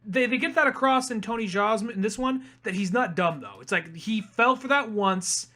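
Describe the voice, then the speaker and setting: Bright high-voiced young man chatting. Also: normal speed. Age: young adult. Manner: animated retelling, acts out quotes in a high voice. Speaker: podcast co-host. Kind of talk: casual film discussion.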